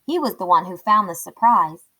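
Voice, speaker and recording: A woman's voice: medium pitch, expressive, normal speed, pushed and bright. A woman reading aloud, voicing a blunt father who firmly scolds a restaurant owner. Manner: firm, scolding.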